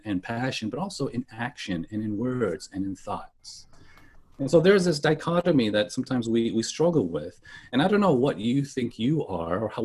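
A man's voice: medium pitch, a little mellow, slightly rough. A man, a pastor, preaching a conversational sermon and asking his listeners questions. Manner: conversational, asks the listeners questions, some restarts.

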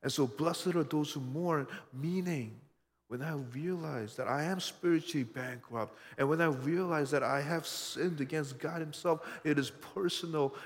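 Earnest male preacher in a reverberant hall. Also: mid-range voice. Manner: earnest, personal storytelling with frequent rhetorical questions. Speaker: pastor. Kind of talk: sermon.

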